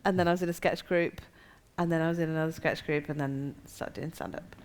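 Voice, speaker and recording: A woman stand-up comedian, a guest on a live comedy chat show, telling animated stories and laughing often. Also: low voice, fast talker.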